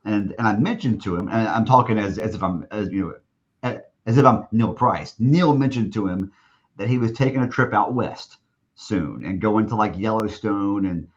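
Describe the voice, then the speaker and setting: A man's voice: lowish voice, normal speed. Rambling storyteller man, muffled lo-fi sound. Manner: rambling with many restarts, acting out quoted speech. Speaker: guest, stadium announcer. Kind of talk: storytelling in a podcast interview.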